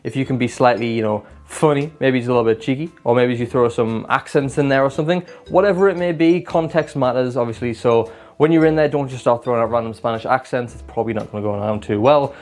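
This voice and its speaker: A man's voice: mid-range voice, fast talker, few pauses, darkish tone, faint music behind. A man giving casual advice to camera as a self-improvement vlogger, chatty and self-deprecating, and he demonstrates different voices and tones as he explains.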